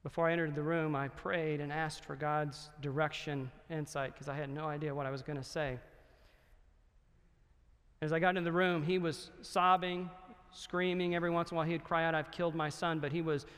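A middle-aged male pastor telling a story in a sermon, earnest and growing hushed and solemn. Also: a little high, fairly even intonation, brisk. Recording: long reverb of a hall.

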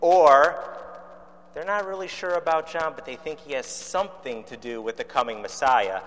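A man's voice: fairly high pitch, normal speed, a bit bright. Man preaching in a reverberant church. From Chicago. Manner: conversational, rhetorical questions, dry humor. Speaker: pastor. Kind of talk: sermon.

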